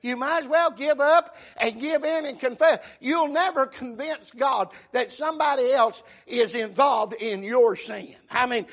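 A man preaching a sermon, emphatic, calling out amen and shouting at the peaks. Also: extremely high pitch, a little slow, few pauses. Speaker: pastor.

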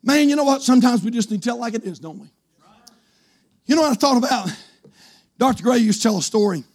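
High-pitched shouting preacher man. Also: animated, fast talker. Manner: shouting, swinging from loud to hushed storytelling. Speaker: pastor. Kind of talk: fiery revival sermon.

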